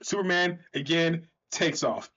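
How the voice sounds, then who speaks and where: A man's voice: a little high, unhurried, bright, forceful tone. A man chatting enthusiastically as he recaps a comic book, correcting himself as he goes, on a slightly dull recording.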